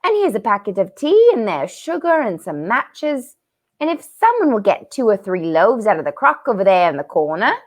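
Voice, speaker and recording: A woman voicing a bustling, motherly female beaver in a storybook reading, in a brisk, bossy way, with a lilt that drifts between Irish and English. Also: medium pitch, sing-song.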